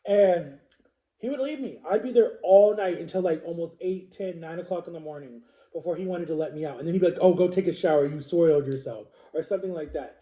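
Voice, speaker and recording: A man's voice: high-pitched, fairly quick, mellow, roomy sound. A man in his forties telling a personal story to camera in a rambling, casual way, full of fillers and repeated words. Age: 40s. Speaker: vlogger.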